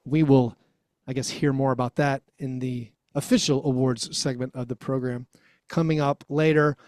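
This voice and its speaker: A man co-hosting a sports podcast, talking casually and telling a rambling, animated story as a parent of a young child. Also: medium pitch, moderate pace, no echo, clean studio sound. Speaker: podcast co-host.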